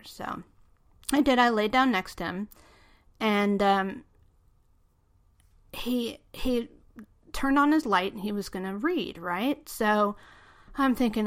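Woman host telling her own story, lots of you know and okay, mid pitch. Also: slow, long pauses. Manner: chatty, full of "you know" and "okay?" asides. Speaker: podcast host. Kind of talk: telling a true personal story.

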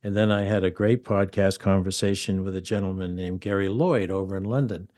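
Older, lower-voiced jokey podcast host. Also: male voice, a little fast. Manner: animated, jokey, laughs at his own stories. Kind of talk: casual podcast conversation.

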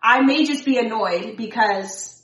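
A woman's voice: on the high side, unhurried, a bit bright, recorded from a distance. A woman in casual conversation, explaining herself earnestly and repeating her points. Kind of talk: casual chat. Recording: echoey room, a little off mic.

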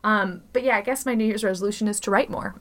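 A woman's voice: medium pitch, quick pace. A woman co-hosting a podcast, telling a story in casual chat with lots of "like" and frequent laughter. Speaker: podcast co-host.

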